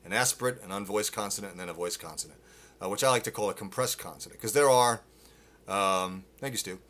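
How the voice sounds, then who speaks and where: Bright-voiced male vocal coach. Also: on the low side, quick pace. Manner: demonstrates with loud sung grunts and vocal exercises; explaining, with restarts and fillers. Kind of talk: live-streamed singing lesson. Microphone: phone.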